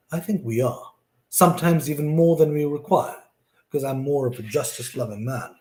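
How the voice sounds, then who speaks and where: A man's voice: on the high side, a little mellow, reverberant. A man reading scripture aloud and reflecting on it, earnest and thinking aloud with frequent restarts.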